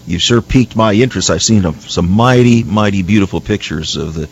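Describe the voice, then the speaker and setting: A man's voice: lowish voice, brisk, gravelly, muffled recording. A man from the United States hosting a Christian radio talk show, earnest and preacherly, with frequent "uh" fillers.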